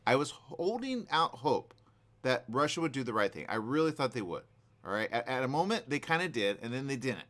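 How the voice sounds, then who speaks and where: A man's voice: mid-range voice, a little fast. A man hosting a radio talk show, giving opinionated news commentary in an emphatic, repetitive way. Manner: animated, emphatic, repeats himself.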